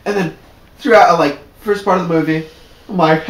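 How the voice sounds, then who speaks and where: A man chatting casually about horror films, swearing and acting out his own loud reactions. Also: fairly high pitch, sing-song, quick pace. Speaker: co-host. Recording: echoey room, voices a bit far from the mic.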